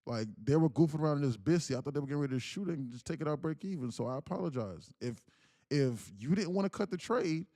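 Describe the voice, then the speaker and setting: A man's voice: medium pitch, lively intonation, rapid-fire, few pauses, warm tone, no room sound. Male day trader on a live stream, casual and jokey, dry close mic. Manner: casual, laughs a lot, talks to chat.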